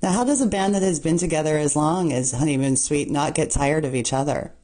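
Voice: mid-range voice, brisk, mellow. An interviewer asking short questions and giving brief reactions.

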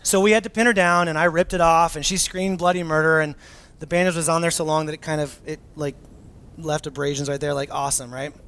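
A man's voice: on the high side, fairly even intonation, fast, fairly bright tone, clean tone. A man in his thirties, a pastor, preaching a sermon in a casual, self-mocking storytelling way with plenty of fillers.

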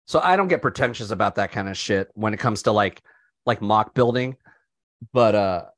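A man co-hosting a casual podcast, talking loosely with frequent restarts and plenty of swearing. His voice sits at an ordinary male pitch. The sound is dry and close, with no room around it. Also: normal speed, a bit bright, no room sound. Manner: rambling, profane, lots of restarts. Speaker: podcast co-host. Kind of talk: casual chat.

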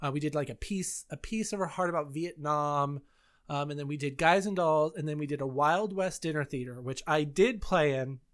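A woman in her thirties hosting a casual podcast chat, telling stories in an animated way with frequent laughs and sudden high squeals. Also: normal speed. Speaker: podcast host.

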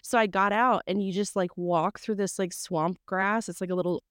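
A young adult woman, co-hosting a podcast and telling a story in a lively, casual way that acts out what people said. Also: mid-range voice, moderate pace, clean tone, no room sound, studio quality. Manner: animated storyteller who acts out quotes and swears casually. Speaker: podcast co-host.

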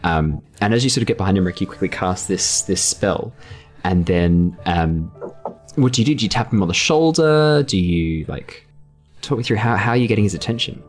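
A man with a low voice runs a tabletop game, speaking in a relaxed, hesitant way with many fillers. Faint music plays underneath. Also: brisk. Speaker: game master.

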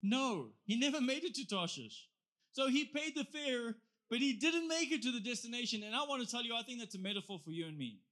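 A man preaching a sermon in a lively, conversational way, often asking his listeners questions. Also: very high-pitched, quick pace, few pauses.

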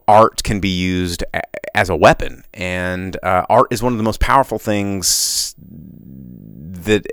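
A man's voice: sits low, clear, resonant tone, dry recording, studio quality. A man hosting a solo podcast monologue, rambling passionately with many restarts and tangents. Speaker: podcast host.

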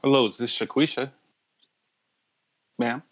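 A man's voice: mid-range voice, fairly even intonation, close to an everyday voice. A man putting on a smarmy call-centre supervisor. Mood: patronizing. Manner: patronizing, slow and soothing, then insulting. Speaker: prank caller in a put-on character. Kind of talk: prank phone call.

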